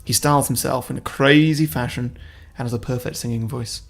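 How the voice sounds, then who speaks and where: A man in a casual podcast chat, telling his pitches in a laid-back way with frequent laughs. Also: steady tone, brisk, vocal fry, faint music behind. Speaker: podcast co-host.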